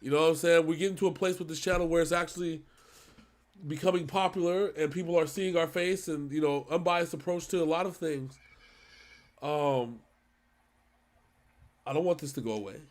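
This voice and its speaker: Male co-host, 30s, slightly high voice, earnest, stumbling delivery, casual talk. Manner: earnest, halting, with many restarts. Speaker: reaction channel co-host.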